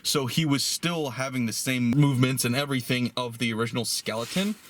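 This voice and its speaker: A young man co-hosting a casual movie review chat, animated and fond of acting out lines in mocking voices. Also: medium pitch, brisk. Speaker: podcast co-host.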